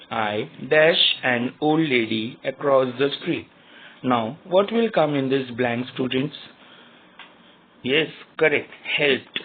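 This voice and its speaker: A man's voice: mid-range voice, a little hiss or hum. A male teacher giving a grammar lesson to young students, spelling words out letter by letter. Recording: tinny phone-like sound.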